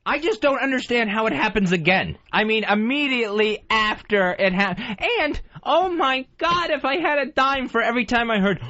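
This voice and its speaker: A man's voice: extremely high pitch, lively intonation, normal speed, few pauses, pushed and bright, muffled recording. A man co-hosting a radio talk show, complaining in an exasperated, emphatic way during casual banter.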